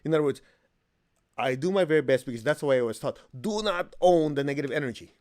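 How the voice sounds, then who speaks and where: Animated man teaching a spiritual class. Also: quick pace. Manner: animated storyteller, acts out quotes with high pitch jumps; plain-spoken, humorous, asks the class questions. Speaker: meditation teacher.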